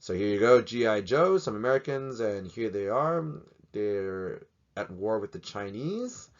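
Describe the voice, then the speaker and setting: Lower-voiced teacher, joking lesson. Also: male voice, animated, unhurried. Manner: joking, rambling, asks many questions. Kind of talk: casual video lesson. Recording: slightly dull lo-fi recording.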